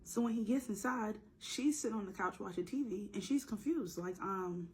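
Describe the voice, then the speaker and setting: A woman with a sore, slightly hoarse throat telling a story in a casual, slangy way, with joking asides and acted-out lines. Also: medium pitch, normal speed, darkish tone, poor audio. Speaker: storytime narrator.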